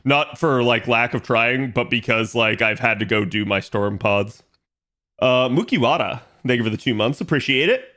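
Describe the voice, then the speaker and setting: A man's voice: mid-range voice, normal speed, sharp tone. A young man streaming from home, chatting casually with his viewers in a rambling way full of fillers. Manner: rambling, filler-heavy, reads chat aloud.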